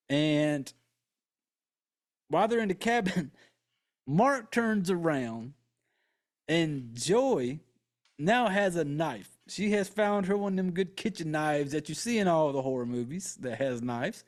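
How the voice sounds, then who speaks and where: A man hosting a podcast, retelling a film in an excitable, profane, casual way and acting out characters' lines. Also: a little high, slow. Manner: acts out characters' lines in quotes. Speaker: podcast host. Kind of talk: casual movie recap.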